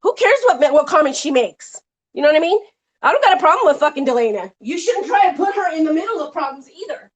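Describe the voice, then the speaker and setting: A woman's voice: high voice, sing-song. A woman hosting a live stream, ranting angrily and swearing heavily about a rival. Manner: heated, profane, rapid-fire complaining. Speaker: livestream host. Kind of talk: angry live-stream rant.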